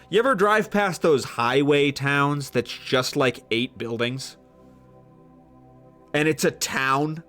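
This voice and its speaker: Animated, swearing young streamer man. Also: on the high side. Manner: animated, swears casually, rambling with restarts. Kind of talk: live-stream chat, rambling monologue.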